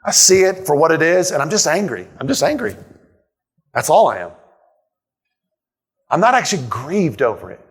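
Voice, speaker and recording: A man's voice: a little high, big pitch swings, normal speed, long pauses. A male pastor preaching a sermon in a church, emphatic, repeating key lines and asking rhetorical questions. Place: church sanctuary.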